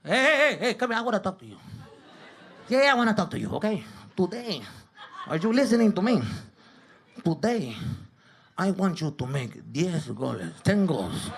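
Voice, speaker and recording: A man putting on his hot-tempered immigrant father with a Mexican-accented English, blustering and shouting. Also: high-pitched, very animated, normal speed, vocal fry, pauses often, husky, heavily acted. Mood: scolding. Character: loud Latino immigrant dad, hot-tempered.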